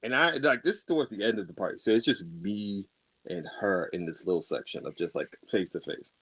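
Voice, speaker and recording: Animated man telling a story on a podcast. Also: fairly low pitch, brisk, breathy edge. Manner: animated storyteller, acts out quoted arguments, laughs often. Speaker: podcast co-host. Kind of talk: casual storytelling chat.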